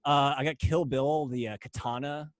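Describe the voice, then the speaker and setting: A man's voice: medium pitch, steady tone, normal speed, no echo. A man co-hosting a podcast in casual chat, easygoing, laughing between remarks and using loose fillers. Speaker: podcast co-host.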